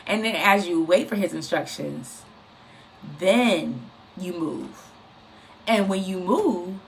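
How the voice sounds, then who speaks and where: Animated woman giving a casual faith talk. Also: on the low side, slow, vocal fry, slight background noise. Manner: animated, repetitive, conversational preaching. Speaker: inspirational speaker.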